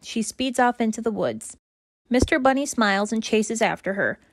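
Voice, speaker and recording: A woman reading aloud children's stories in a bright, expressive, rhythmic way. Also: a little high, normal speed, dry recording, clean studio sound. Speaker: children's story reader. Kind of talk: read-aloud storytelling.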